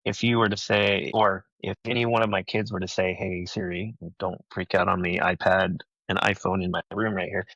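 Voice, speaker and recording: A man who is a podcast guest, explaining things in a measured, casual way. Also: low-pitched, flat delivery, fairly bright tone, no echo. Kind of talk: casual chat. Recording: dull lo-fi call audio.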